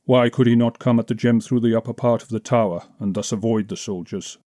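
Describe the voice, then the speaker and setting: A blunt young barbarian, as a male narrator puts him on, asking short plain questions with cool, unfriendly directness. The tone is mellow and dark, heard close and dry in a storybook reading. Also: medium pitch, fairly even intonation, brisk, no echo, natural voice. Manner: terse, plain-spoken.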